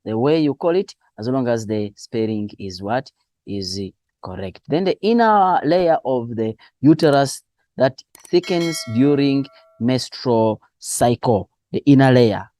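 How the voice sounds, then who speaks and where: A man going through exam answers as a teacher, spelling out key terms slowly and asking and answering his own questions. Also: mid-range voice, expressive, mellow, dry recording. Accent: Southern African English. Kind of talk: exam revision lesson.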